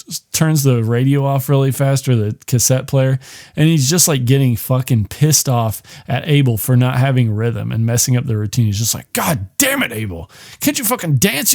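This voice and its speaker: A man's voice: medium pitch, darkish tone. A man hosting a podcast, recapping a movie in a casual, rambling way, full of swearing and "like". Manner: rambling, profane, heavy on "like". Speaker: podcast host.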